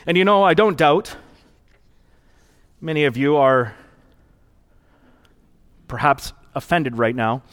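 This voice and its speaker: A man's voice: on the high side, animated, slow pace, long pauses, a bit bright. Earnest conversational male pastor. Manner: conversational, earnest, reflective storytelling. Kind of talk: sermon.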